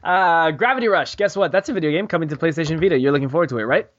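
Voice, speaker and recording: A man's voice: a little high, very fast, fairly bright tone, dull audio. A man hosting a gaming podcast, joking and teasing his co-host in casual, rambling banter.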